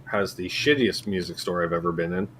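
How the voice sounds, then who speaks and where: A man's voice: sits low, moderate pace, background noise. A man from Canada, co-hosting a casual guitar chat in a joking, rambling way. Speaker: co-host.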